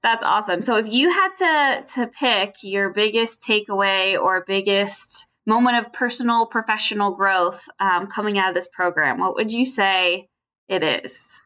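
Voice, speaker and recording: Woman host, bright voice, laughs a lot, quick little replies. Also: medium pitch. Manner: laughs often, quick friendly responses. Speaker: podcast host. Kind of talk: conversational interview.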